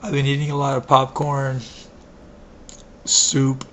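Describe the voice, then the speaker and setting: A man with a hoarse voice rambling through a casual video diary, full of fillers, restarts and self-deprecating asides. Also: medium pitch, completely flat delivery, slow. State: hoarse, coughing. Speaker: vlogger. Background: wind blowing outside.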